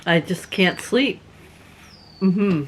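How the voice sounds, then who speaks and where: A woman from Canada casually telling personal stories as a vlogger, chatty and quick to laugh. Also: slightly rough. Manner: chatty, laughs often, acts out quotes in a higher voice. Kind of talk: casual storytelling.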